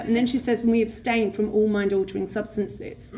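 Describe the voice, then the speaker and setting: A woman's voice: sits high, level tone, moderate pace, few pauses, a crowd in the background. A woman with a London accent giving a live personal recovery share at a convention, swearing freely and acting out the other voices in her story. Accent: London English. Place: convention hall with an audience.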